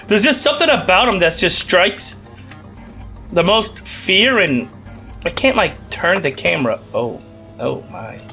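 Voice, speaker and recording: A man's voice: fairly high pitch, bright, forceful tone. A young man casually commenting while he plays a video game, rambling and joking with playful asides. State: recovering from a cough. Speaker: gaming channel host. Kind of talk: casual let's play commentary.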